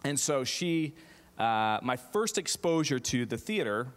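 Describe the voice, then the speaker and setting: A man's voice: medium pitch, sing-song, measured pace. A middle-aged man giving a humorous keynote as a theater professor, self-deprecating, with many fillers and restarts. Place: large auditorium. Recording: echoey hall reverb.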